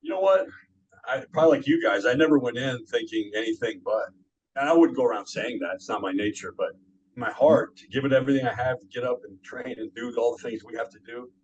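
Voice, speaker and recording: A man talking modestly and reflectively as an interview guest, with pauses and fillers. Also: mid-range voice, slightly rough, lo-fi sound. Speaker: guest, former pro bodybuilder. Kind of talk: casual interview chat.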